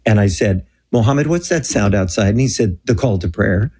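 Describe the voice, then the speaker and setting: Man, low voice, husky, earnest storyteller, acts out dialogue, Christian talk show guest. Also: lively intonation, moderate pace, mellow. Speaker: guest telling a mission story.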